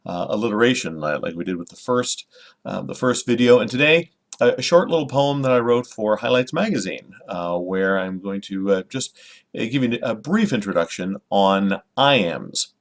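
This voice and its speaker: A man's voice: on the low side, expressive, normal speed. A middle-aged man, a children's poet, giving an informal, friendly lesson to camera, with many fillers and restarts. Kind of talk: informal teaching talk to camera.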